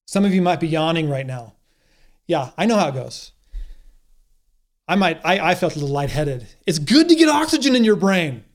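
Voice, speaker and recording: A man's voice: on the high side, big pitch swings, normal speed, pauses often. A man preaching a sermon in an earnest, encouraging way, often restarting his phrases. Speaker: pastor.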